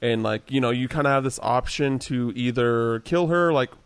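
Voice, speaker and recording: A man recaps a game story in a relaxed podcast chat, pausing often on "uh." His voice is clear and smooth. The sound is dry and close. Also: medium pitch, no echo. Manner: relaxed recap with many "uh" pauses. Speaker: podcast co-host.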